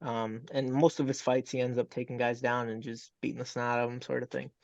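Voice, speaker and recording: A young man with a gravelly edge talks loosely over a video call, piling up fillers and acting out what others said to him. The sound is dull and dry, with no room around it. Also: medium pitch, flat delivery, brisk, dry recording. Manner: rambling, full of fillers and quoted dialogue. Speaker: MMA fighter guest. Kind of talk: casual interview chat.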